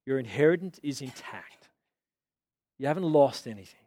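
A man preaching a sermon, animated and swinging into indignant outbursts. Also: fairly high pitch, quick pace, dry recording, studio quality. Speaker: pastor.

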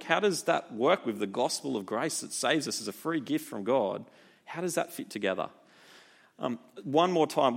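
A man preaching a sermon in a relaxed, conversational way, often asking rhetorical questions. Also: mid-range voice. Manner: animated, informal, asks rhetorical questions.

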